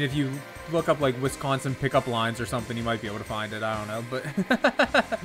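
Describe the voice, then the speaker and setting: A young man streaming a racing game from his bedroom, chatting casually, swearing often and laughing a lot. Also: mid-range voice. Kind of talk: casual gameplay commentary.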